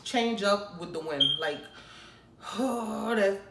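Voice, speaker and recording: A young woman vlogger in a casual ranting commentary, blunt and teasing, with sudden loud outbursts. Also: mid-range voice, takes it slowly, a little hiss or hum. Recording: roomy, mic at a distance.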